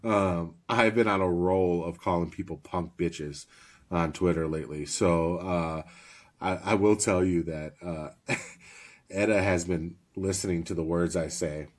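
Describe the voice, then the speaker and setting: Deep-voiced swearing podcast co-host. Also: male voice, steady tone, unhurried, darkish tone. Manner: laughs often, swears freely, storytelling. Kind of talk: casual podcast chat.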